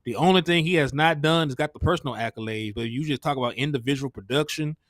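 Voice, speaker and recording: A man's voice: medium pitch, fast talker, a bit bright, no room sound, clean studio sound. A man co-hosting a casual sports talk stream, explaining stats in an easygoing way and thanking viewers for donations. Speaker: sports talk show co-host.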